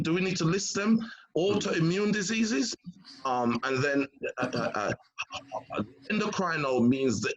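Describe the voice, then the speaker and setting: Husky guy on a health panel, really lively up-and-down voice, keeps going "and, and, and". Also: medium pitch, poor audio. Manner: emphatic, repeats words when starting, acts out quotes. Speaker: panelist doctor. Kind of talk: animated panel talk.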